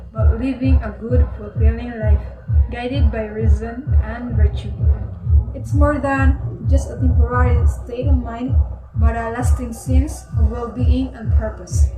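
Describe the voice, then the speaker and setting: A woman presenting a school lesson, reading a scripted explanation in a steady, plain tone. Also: on the high side, a little slow. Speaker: student presenter. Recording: echoey, far from the mic, music behind.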